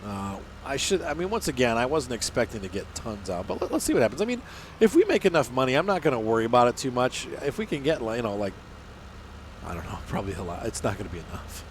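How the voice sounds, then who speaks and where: A man's voice: medium pitch, big pitch swings, fast talker, a little hiss or hum. A man hosting a farming game let's-play, talking casually and rambling as he plays, with some teasing banter. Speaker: gaming channel host.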